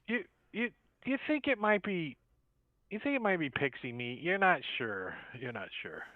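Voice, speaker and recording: A man's voice: a little high, very animated, normal speed. A man running an online tabletop game as game master, narrating in a loose, rambling way with fillers. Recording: tinny dry phone-like line.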